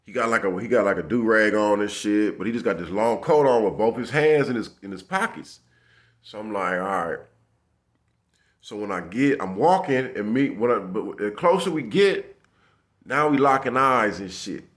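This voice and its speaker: A man's voice: lowish voice, animated, normal speed. A man casually telling a tense street story in profane slang, acting out the dialogue as he goes. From Los Angeles area.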